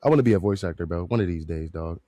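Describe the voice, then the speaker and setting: A man's voice: low voice, rapid-fire, dark tone, no room sound. A man hosting a podcast, chatting casually and rambling, joking and laughing often. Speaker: podcast host reviewing a movie. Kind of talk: casual slangy chat.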